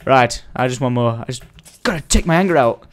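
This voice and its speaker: A man's voice: medium pitch, lively intonation, fairly quick. Playful young man, gaming commentary. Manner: playful, theatrical outbursts and mock singing. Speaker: gaming video host. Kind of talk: Minecraft let's play commentary.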